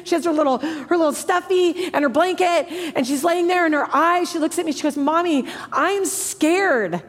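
Woman preacher, high voice, goes from hushed to emphatic, lots of hall echo. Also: fairly quick. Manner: passionate, swinging from hushed to emphatic. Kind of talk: sermon. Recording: long hall reverb.

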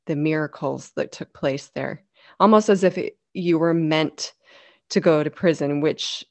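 A woman's voice: deep voice, unhurried, gravelly, darkish tone, no room sound. A woman hosting an interview asks her guest questions in a compassionate, reflective way. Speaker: podcast host.

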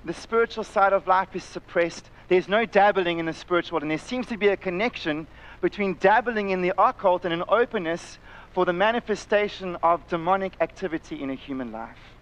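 Prediger, Mann mittleren Alters, südafrikanischer Akzent, recht hohe Stimme, leidenschaftliche Predigt. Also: male voice, sits high, fairly quick, rough recording. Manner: impassioned, acts out voices in the story, drops to quiet intensity. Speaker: pastor. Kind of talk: sermon. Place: church, live-streamed service.

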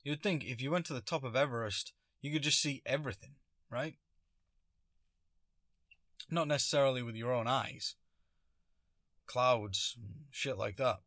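A man in a casual solo monologue, rambling and sarcastic, stopping and restarting his thoughts. His voice sits at an ordinary middle pitch. The sound is dry and close, with no room echo. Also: measured pace, pauses often, fairly bright tone. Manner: rambling, sarcastic, self-interrupting. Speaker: vlogger.

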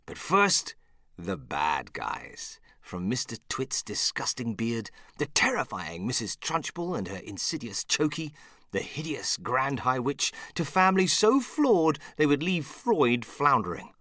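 A man's voice: medium pitch, sing-song, unhurried, sharp tone, dry recording, studio quality. A man narrating and hosting a podcast in a playful, theatrical way. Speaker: narrator and host.

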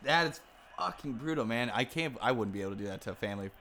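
A man's voice: medium pitch, animated, quick pace, bright, forceful tone. A young man hosting a podcast with teasing, dry banter in a casual chat. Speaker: podcast host.

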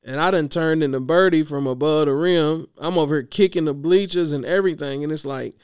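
A man coaching youth basketball, venting in a casual vlog monologue, slangy and animated, worn out from yelling. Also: on the high side, brisk, clean tone, dry recording, clean studio sound.

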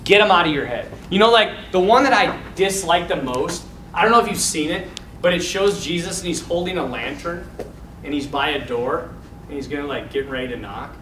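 A man talks to a group of young men in a casual, animated way, telling scenes with feeling. His voice sits high and sounds bright and forceful. It is recorded from a distance in an echoey room with faint noise behind. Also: brisk. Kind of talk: informal talk to young men.

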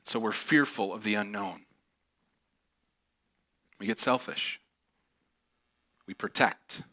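Bright-voiced pastor guy joking thru his sermon, lively and laughing. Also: on the low side, slow pace. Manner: animated, joking, laughs often. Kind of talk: sermon with comic story. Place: church auditorium.

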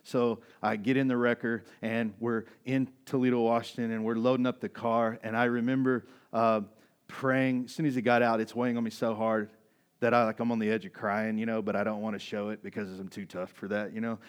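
A man in his forties preaches from the pulpit, his voice sitting on the low side. He tells a personal story loosely and casually, full of "you know" and "right?", and often starts a sentence over. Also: little pitch movement, a little fast, smooth. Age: 40s. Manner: storytelling, conversational, many fillers and restarts. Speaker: pastor. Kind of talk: sermon with personal testimony.

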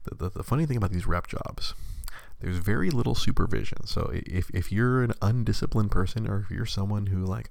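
Man, deep voice, gravelly, casual storytelling chat, laughs a lot, dry close sound. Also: normal speed, no echo. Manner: laughs often, acts out quoted voices; restarts and repeats words when excited.

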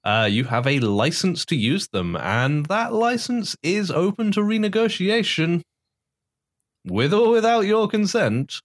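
A man's voice: high voice, big pitch swings, unhurried, no room sound, studio quality. A man co-hosting a casual chat, ranting and sarcastic, swearing at times. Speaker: podcast co-host.

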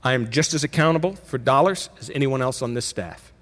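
A middle-aged man delivers a sermon from the pulpit. His pitch sits in a middling range, and his delivery stays conversational, pushing up in emphasis and catching itself mid-phrase before pressing on. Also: a little fast, fairly bright tone. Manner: conversational preaching with emphatic rises and self-corrections. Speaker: pastor.

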